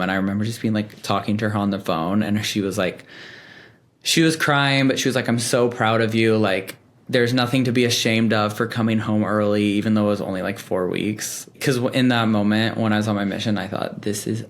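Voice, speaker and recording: A young man telling personal stories in a relaxed, chatty way, full of fillers and quick laughs. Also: fairly low pitch, vocal fry. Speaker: podcast guest. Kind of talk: casual storytelling.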